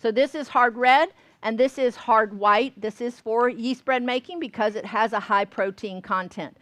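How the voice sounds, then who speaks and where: A woman's voice: fairly high pitch, moderate pace, fairly bright tone, no echo. A woman from Georgia, teaching a baking class in a folksy way and often checking that listeners follow. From Georgia, US South. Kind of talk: cooking class demonstration. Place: store classroom.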